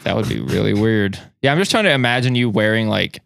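A man's voice: on the low side, animated, fast talker, creaky, a bit bright, dry recording, clean studio sound. A man co-hosting a podcast who teases his friend bluntly and laughs easily in casual chat. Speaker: podcast co-host.

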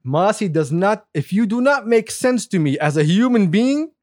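Lively man from Saudi Arabia telling stories. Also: sits high, normal speed, no room sound, clean studio sound. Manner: animated, laughing, swears freely. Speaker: guest. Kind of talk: casual storytelling.

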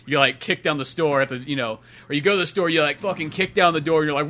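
Bright-voiced, rambling podcast host. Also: male voice, on the high side, fairly quick. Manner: rambling, swears a lot, acts out exaggerated voices. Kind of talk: casual chat.

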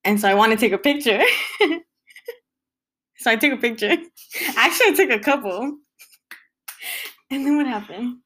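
A young adult woman telling a story in casual chat, animated and giggly, saying "like" a lot. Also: fairly high pitch, normal speed, pauses often.

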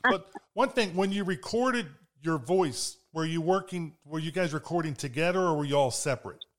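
A man's voice: a little high, normal speed. A man interviewing a guest, asking questions with a fan's enthusiasm.

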